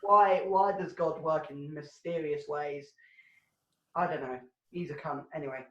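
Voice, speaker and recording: A woman's voice: deep voice, steady tone, a little slow, roomy sound, highs cut off. A woman hosting a comedy show from home over a video call, ranting and swearing and laughing at her own jokes. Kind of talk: casual rambling stand-up hosting.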